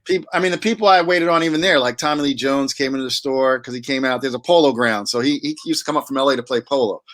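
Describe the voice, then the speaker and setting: This interview guest, a wine auctioneer, has a mid-range, somewhat bright voice and a quick pace. He tells his stories in a loose, rambling way, with many false starts and filler words.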